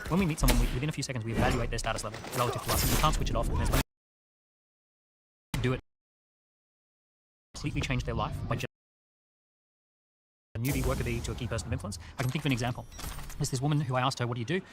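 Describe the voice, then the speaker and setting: A man with a mid-range voice explains his ideas quickly and tells stories as a podcast guest. Noise runs under the recording. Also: mid-range voice, steady tone. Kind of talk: conversational explanation.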